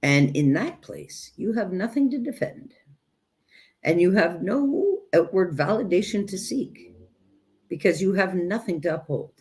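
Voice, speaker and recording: A woman teaching self-growth in a direct spiritual talk, speaking emphatically and deliberately and addressing listeners as "you guys". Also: lowish voice, lively intonation, a little mellow.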